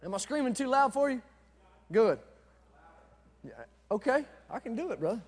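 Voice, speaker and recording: A man preaching an energetic sermon, telling a story loudly, sometimes shouting and talking back and forth with the crowd. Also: very high-pitched, normal speed. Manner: loud, excitable, shouting at times, talks to the crowd. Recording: echoey hall.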